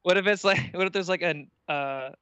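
A man's voice: high-pitched, brisk, sharp tone, clear, resonant tone, dry recording, dull audio. Easygoing young male podcast guest. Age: 20s. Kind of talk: casual chat.

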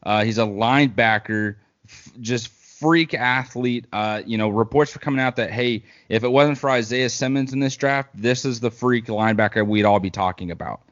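A man's voice: medium pitch, normal speed, muffled recording. A man co-hosting a casual sports talk show, rambling through football picks with plenty of fillers. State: hiccups. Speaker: podcast co-host.

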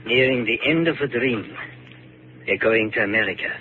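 A man playing an earnest refugee who speaks carefully and haltingly, in 1950s radio drama. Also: mid-range voice, natural voice. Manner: careful, halting, formal speech. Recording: scratchy old radio broadcast, narrow band.

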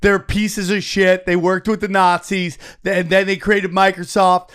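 A man with a high voice talks casually on a podcast. He is joking but indignant, and he rants about conspiracies. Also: little pitch movement, moderate pace, fairly bright tone, smooth. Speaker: podcast co-host. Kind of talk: casual argumentative chat.

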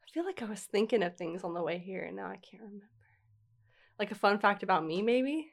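A young woman chatting casually as a podcast guest, with plenty of vocal fry in her voice. She rambles a little, filling her sentences with likes and ums. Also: medium pitch, animated, fairly quick. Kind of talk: casual chat.

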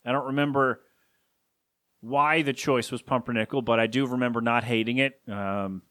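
A man's voice: medium pitch, steady tone, moderate pace, fairly bright tone, no echo. A man hosting a solo podcast from his home studio, rambling casually with self-deprecating asides. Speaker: podcast host.

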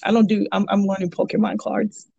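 A woman's voice: mid-range voice, flat delivery, brisk, creaky, mellow, breathy edge, no room sound, muffled recording. A woman who coaches jiu-jitsu chats casually on a podcast, rambling through stories with lots of fillers and restarts. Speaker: jiu-jitsu purple belt and kids' coach. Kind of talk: casual podcast chat, storytelling.

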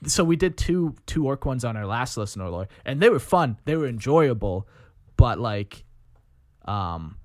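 A man co-hosting a podcast in casual chat, agreeable and quick to laugh. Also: mid-range voice, no echo, studio quality. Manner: animated, agreeable, laughs often. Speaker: podcast co-host.

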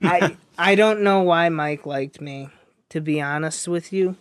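A man's voice: on the high side, measured pace, a bit bright, clean tone. A young man telling a rambling story in casual chat, with lots of fillers and restarts.

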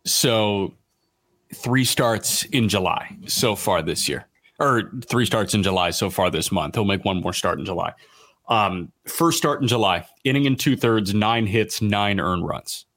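A man's voice: lowish voice, unhurried, no echo. A man co-hosting a podcast, chatting casually and somewhat hesitantly while reading out stats. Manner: relaxed, hesitant, reads out stats. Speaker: podcast co-host. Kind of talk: casual analytical chat.

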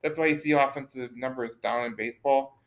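A man's voice: medium pitch, fairly even intonation, a little fast, rough recording. Rambling man talking sports. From Detroit area. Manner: rambling, repeats words and restarts often. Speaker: podcast co-host. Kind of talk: casual sports talk.

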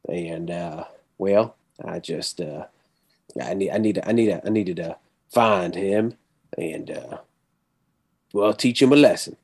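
A man voicing a stern rancher with a shotgun, in a halting put-on Southern drawl. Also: lowish voice, darkish tone, slight background noise, lightly acted. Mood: grim.

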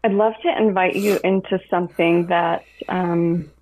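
A woman somatic coach gently guiding someone through an emotional exercise, speaking calmly over a call. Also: lowish voice. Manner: slow, soothing guiding. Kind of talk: guided coaching session. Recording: tinny phone-line audio.

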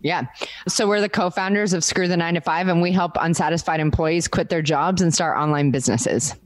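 A woman's voice: fairly low pitch, brisk, no echo. Teasing woman guest from Canada. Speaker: guest, co-founder. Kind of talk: casual interview chat.

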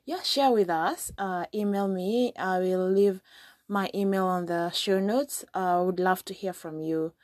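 A woman's voice: medium pitch, unhurried, darkish tone, dry recording, studio quality. A woman from Kenya hosting a podcast, chatty and casual as she retells a folk story with lots of fillers. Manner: chatty, frequent fillers and restarts. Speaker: podcast host.

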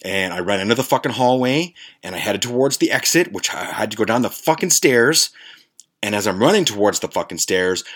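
A man hosting a podcast, telling a story casually in a profane, rambling way with lots of restarts. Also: on the low side. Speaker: podcast host.

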